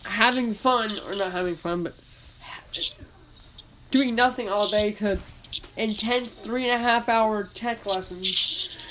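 A woman's voice: medium pitch, slow pace, pauses often, fairly bright tone, a little hiss or hum. A woman in casual chat, telling a rambling story with lots of restarts about her tech class.

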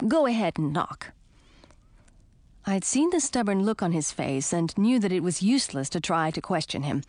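A woman reading a first-person storybook aloud in an expressive, animated way. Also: lowish voice, a little fast, no room sound. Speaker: audiobook narrator.

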